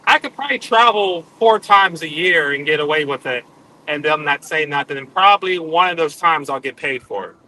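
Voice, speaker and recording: Bright high-voiced man chatting easily. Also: brisk, rough recording. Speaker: guest. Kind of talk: casual chat.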